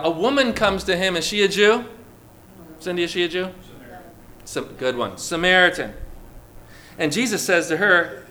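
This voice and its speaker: A man's voice: sits high, pushed and bright. A pastor preaching a sermon to his congregation, calling on listeners by name and acting out quoted lines.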